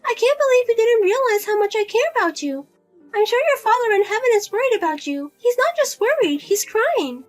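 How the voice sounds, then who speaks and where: A woman's voice: extremely high pitch, sing-song, brisk, soft background music. A woman voicing a pushy middle-aged mother who nags and guilt-trips her grown daughter. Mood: nagging, whiny. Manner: nagging, pleading, guilt-tripping.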